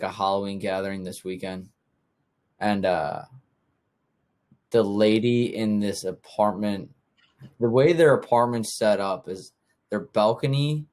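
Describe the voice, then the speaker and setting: A young man hosts a podcast, telling easygoing stories in casual chat and acting out what other people said. His voice has a fairly low pitch and a slightly mellow quality.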